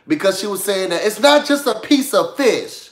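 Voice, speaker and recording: A high-voiced man gives an animated, gossipy reality-show recap in casual chat. He speaks straight to his viewers and asks them to dig for news. The room echoes noticeably around him. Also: normal speed.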